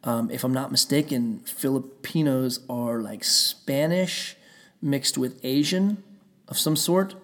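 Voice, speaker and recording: Man, mid-pitch gravelly voice; heated casual rant, profane, rambling. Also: takes it slowly, a bit bright. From Pennsylvania.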